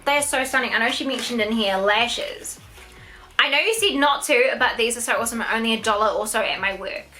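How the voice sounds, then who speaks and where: A young New Zealand woman unboxing a gift box in a vlog, gushing and excitable, gasping and squealing over each item. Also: fairly high pitch, fairly quick, soft background music, poor audio. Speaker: YouTuber.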